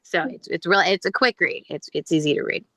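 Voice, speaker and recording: A woman's voice: fairly low pitch, expressive, fast talker, fairly bright tone, no echo. A woman chatting in a book club, hedging her points with lots of "like" and "you know.". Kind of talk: casual group discussion.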